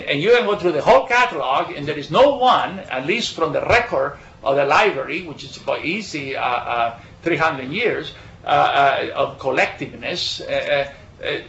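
Man, high voice, halting bible talk, lots of uh and restarts, dull recording. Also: animated, gravelly, a bit bright. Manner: halting, many repeated fillers and restarts. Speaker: bible study speaker. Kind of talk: informal bible talk with anecdotes. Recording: echoey room, dull lo-fi sound.

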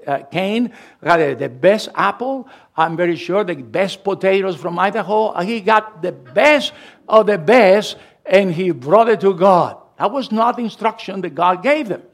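Man, Latin American Spanish accent, sermon, high-pitched, emphatic pauses on key phrases. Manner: preaching with emphatic, slowed phrases. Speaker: pastor.

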